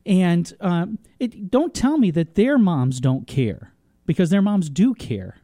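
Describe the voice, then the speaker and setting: A man's voice: sits high, very animated, slow pace, warm tone, no echo, studio quality. A man hosting a talk radio show, speaking passionately off the cuff and stumbling over repeated words as he argues his point. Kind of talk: opinionated talk radio monologue.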